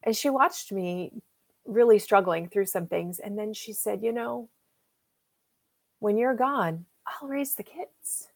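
Woman, fifties, interview guest, emotional storytelling, slightly gravelly, mid-pitched. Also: takes it slowly. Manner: emotional, animated retelling with acted-out quotes.

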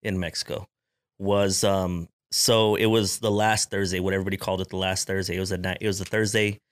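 A man with a fairly low voice recounts a wild night out in a podcast chat. He talks loosely, sprinkling in bro and dude, and rushes through some stretches. The sound is dry and close, with no room around it. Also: flat delivery, clean tone, dry recording. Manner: laid-back storyteller, loose with slang like bro and dude. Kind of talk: casual storytelling chat.

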